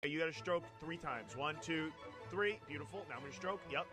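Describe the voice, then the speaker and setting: A man leading a team, bossily calling out rapid, repeated commands. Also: fairly high pitch, loud music behind the voice. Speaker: team leader calling out instructions.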